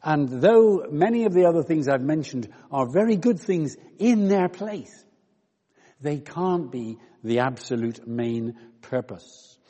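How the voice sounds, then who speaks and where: A man preaches a conversational sermon, walking his listeners through scripture with rhetorical questions. His voice is mellow and a little husky. It rings out with the long reverb of a church hall. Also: on the high side, expressive, a little slow.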